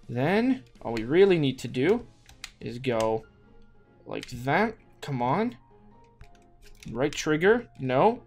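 A man's voice: on the high side, expressive, slow pace, long pauses. Man, gaming commentary, talks to himself, stammers and repeats, blurts out exclamations, faint music underneath. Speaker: gaming YouTuber. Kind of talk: let's play commentary. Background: faint background music.

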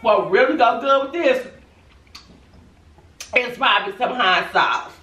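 A woman's voice: fairly high pitch, lively intonation, a little slow, pushed and bright. A pregnant young woman chatting casually and sassily to her viewers in a food challenge vlog. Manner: chatty, sassy, talks straight to viewers. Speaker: vlogger. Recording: echoey room, mic at a distance.

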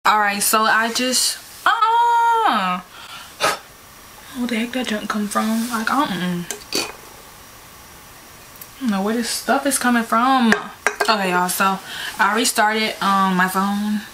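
A woman's voice: a little high, lively intonation, takes it slowly, long pauses, noisy background. A young woman from Georgia, chatting nervously and giggling as she talks to strangers on phone video calls. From Georgia, USA. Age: young adult. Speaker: vlogger. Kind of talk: casual vlog chat with strangers on video calls. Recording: roomy sound under loud background music.

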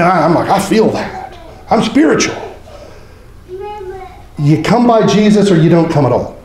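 A man preaching a sermon as pastor, joking and conversational, acting out quick mock voices. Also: a little high, mellow, echoey room, slight background noise, rough recording. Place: church sanctuary.

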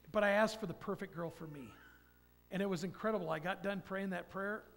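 A man's voice: high-pitched, fairly quick, a bit bright. A man in his fifties giving a folksy, rambling personal testimony in church. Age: 50s. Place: church sanctuary. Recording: long church hall reverb.

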